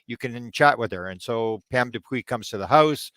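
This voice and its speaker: An older man from Canada, a ufology researcher telling stories in an interview, halting with fillers and then jumping high as he acts out his own disbelief. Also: fairly bright tone, no room sound. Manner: frequent fillers and restarts. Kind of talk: storytelling in a podcast interview.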